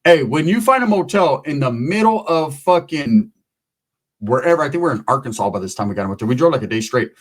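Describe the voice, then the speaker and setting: A man's voice: mid-range voice, expressive, brisk. A man telling a long, profane, rambling story in casual talk, acting out the other people in it.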